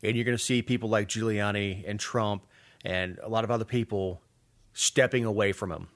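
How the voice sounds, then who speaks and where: A man's voice: lowish voice, fairly even intonation, normal speed. A man, co-hosting a casual political podcast with wry, rambling sarcasm. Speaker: podcast co-host.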